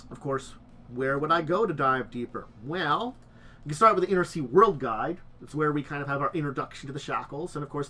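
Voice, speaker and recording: Man, host, tabletop lore stream, chatty, rambling, slightly high voice. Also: pushed and bright. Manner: chatty, rambling, with many restarts.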